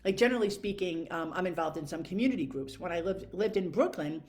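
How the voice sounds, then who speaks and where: A woman's voice: lowish voice, expressive, quick pace, a little mellow. A woman talking casually to camera in a frank, profane, rambling way, full of fillers. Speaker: vlogger.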